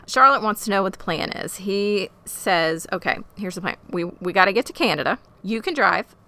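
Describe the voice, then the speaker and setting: A woman co-hosting a casual podcast, recapping a TV episode with animated, profane, emotional reactions. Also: medium pitch, normal speed. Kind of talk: casual chat.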